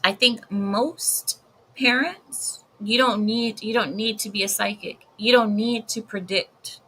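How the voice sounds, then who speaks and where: A woman's voice: mid-range voice, slow, a bit bright, a little hiss or hum, rough recording. A woman giving blunt, emphatic commentary in a casual vlog, often repeating herself for effect. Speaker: video commentator.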